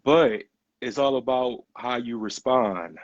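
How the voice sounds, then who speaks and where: A man's voice: medium pitch, takes it slowly, dry recording, dull audio. A man, talking earnestly and giving advice in a casual conversation.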